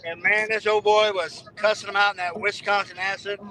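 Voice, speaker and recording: A man's voice: high voice, level tone, a little fast, bright, forceful tone. A man chatting casually on a fishing live stream, telling folksy anecdotes. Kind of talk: casual chat. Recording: faint outdoor background noise.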